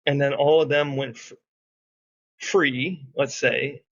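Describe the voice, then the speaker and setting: A man's voice: mid-range voice, fairly even intonation, takes it slowly, fairly bright tone, lo-fi sound. A man playing a tabletop game, pressing with repeated, probing questions. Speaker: player. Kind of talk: tabletop game play over voice chat.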